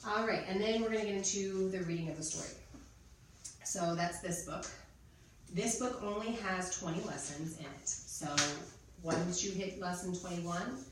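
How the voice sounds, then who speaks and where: With a lowish voice and moderate pace, a teacher trainer in her thirties chats through spelling drills, modeling them and explaining each step. The room echoes, the mic is distant, and there's noise.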